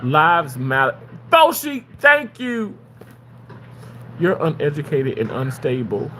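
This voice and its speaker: High-voiced, excitable male streamer. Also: takes it slowly, a little hiss or hum. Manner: excitable, yelling and pleading at chatters. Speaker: livestreamer reading chat. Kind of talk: live stream chat reading.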